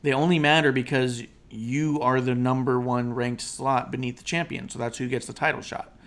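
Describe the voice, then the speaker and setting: Over an online call, a man co-hosts a casual wrestling talk show, emphatic and opinionated and rambling with filler words. His voice is mid-range, steady in tone, fairly bright, at normal speed.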